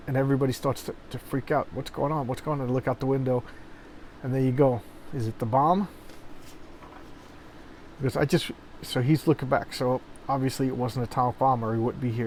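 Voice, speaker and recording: A man of middling pitch talks loosely through a comic, tripping over his words and circling back as he retells each panel. He records in a warm room, and a faint hum of a fan sits underneath. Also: poor audio. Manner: rambling, repeats words, paraphrases the panels. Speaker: comic book reviewer. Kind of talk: casual comic walkthrough. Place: hot room with a noisy fan. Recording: faint fan noise behind.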